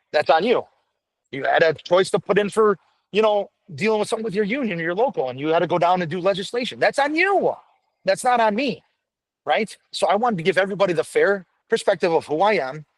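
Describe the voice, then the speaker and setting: A man's voice: a little high, no echo, low-quality recording. A middle-aged man, a veteran firefighter, talking bluntly and with lots of swearing as a podcast guest. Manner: blunt, profane, animated storytelling. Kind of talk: candid podcast conversation.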